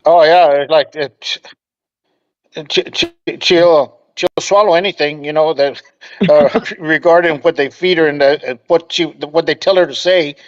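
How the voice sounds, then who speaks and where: Male co-host, stumbling and halting, on a dry, dull remote line. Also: fairly high pitch, fairly even intonation, dry recording. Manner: halting, stumbling over words. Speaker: guest co-host. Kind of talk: live political chat over a call.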